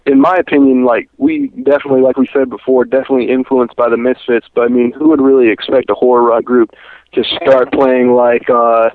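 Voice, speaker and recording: A man's voice: mid-range voice, level tone, fairly quick. A man, a band member guest, talking hesitantly with lots of fillers. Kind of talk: casual interview. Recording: tinny phone line.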